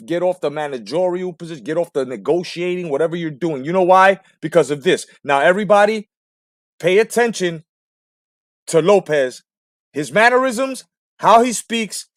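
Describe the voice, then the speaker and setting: A high-voiced man hosts a boxing talk show, breaking down a clip with animated, profane commentary and rhetorical questions. The recording is dry and studio quality.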